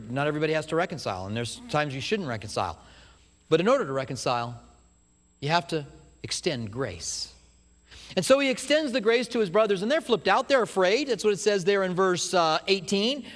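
A man preaching a sermon, retelling a story with animated asides and acting out what people say. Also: a little high, in a large hall. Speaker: pastor.

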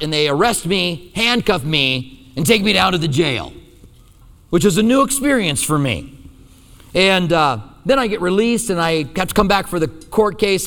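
Animated preaching man, high voice. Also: in a large hall. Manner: storytelling, animated, self-deprecating. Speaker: pastor. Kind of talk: sermon.

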